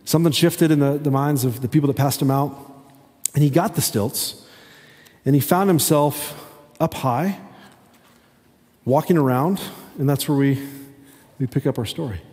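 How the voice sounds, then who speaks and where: A man giving a conversational sermon as a pastor, talking haltingly with many restarts. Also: fairly high pitch, darkish tone. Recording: long hall reverb.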